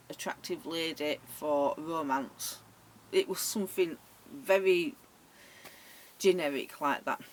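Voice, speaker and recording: A woman's voice: sits low, slight background noise. A woman telling funny dating stories in a chatty, laughing way, acting out the other people's lines. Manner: chatty, laughing, acts out voices. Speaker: vlogger. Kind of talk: casual storytelling.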